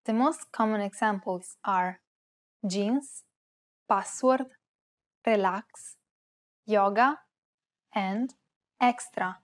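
A woman co-hosts a scripted language lesson. She reads example words carefully and deliberately, with her voice at an everyday middle pitch. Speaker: co-host giving example words.

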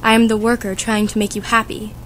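A woman's voice: fairly high pitch, level tone, a bit bright, slight background noise, close to an everyday voice. A woman playing a fussy, chatty old nurse who complains and teases, reading for a school audiobook. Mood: fussing. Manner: complaining, teasing, drawn-out.

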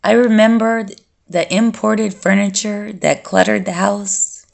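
A calm, brooding male vampire, read by a woman, remembering his past in a measured, collected way. The voice has a gravelly fry and moves slowly through each line. It is an audiobook reading. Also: medium pitch. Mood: reflective.

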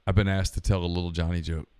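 A man co-hosting a sports call-in show, settling into a long, deliberate story. His voice sits low, and he takes his time with every step of the telling. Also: little pitch movement, darkish tone, clear, resonant tone, no room sound, clean studio sound. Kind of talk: casual chat.

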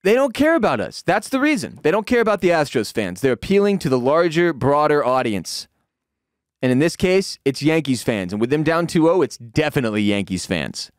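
A man hosting a sports podcast, ranting in a profane, heated way with shouted peaks, then dropping to a low, weary tone. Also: a little fast, no echo, clean studio sound. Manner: drops to low, weary tone when calming down. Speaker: podcast host. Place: home room with dogs.

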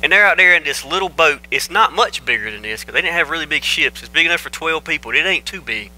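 Male pastor, very bright tone, easygoing joking sermon delivery. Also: on the high side, animated, fast, rough recording. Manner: folksy, joking, conversational storytelling. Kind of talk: casual folksy sermon. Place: church sanctuary. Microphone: microphone.

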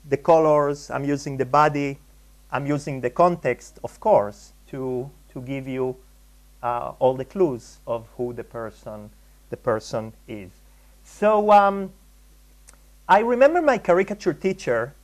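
A guest lecturer and artist from Israel gives a conference talk on caricature, recorded live in a lecture hall. He's hesitant, with many ums and restarts, and his voice is a little high with a darkish tone.

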